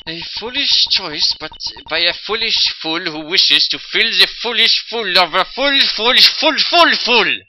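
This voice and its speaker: A man's voice: on the high side, bright, forceful tone, slight background noise, full character voice, low-quality recording. A man voicing a haughty young female prosecutor in a put-on German accent, theatrical and scornful, in an amateur game reading.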